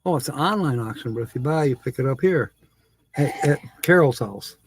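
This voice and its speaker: A man's voice: mid-range voice, lively intonation, brisk, a little hiss or hum. A man hosting a live stream, chatting casually with viewers, laughing often and reading comments aloud.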